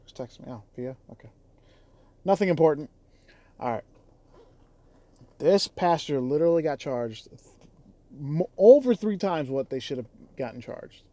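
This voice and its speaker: A man's voice: on the high side, lively intonation, moderate pace, pauses often, warm tone, dry recording. A man who drives for a rideshare app, talking in a casual vlog with a heated, exasperated, profane delivery. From Chicago area.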